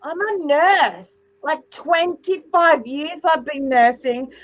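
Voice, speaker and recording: A woman in her forties, a psychic medium guest, telling stories in a dramatic, animated way and swearing freely on a video call. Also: high voice, slow, no echo, muffled recording. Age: 40s. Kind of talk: casual video interview chat.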